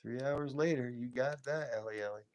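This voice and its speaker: A man's voice: mid-range voice, normal speed, darkish tone. A man hosting a late-night livestream, chatting in a rambling, friendly way, chuckling often and answering viewer comments. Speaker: livestream host.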